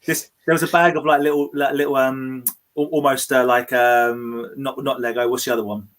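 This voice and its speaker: A man co-hosting a casual toy livestream, telling stories in a rambling, animated way with many restarts. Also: mid-range voice, a little fast. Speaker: toy show co-host.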